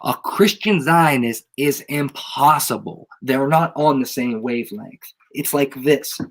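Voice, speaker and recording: A man's voice: medium pitch, measured pace. A man with a head cold ranting casually to a live audience, emphatic and slangy, repeating his points over and over. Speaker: channel host. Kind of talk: casual livestream rant.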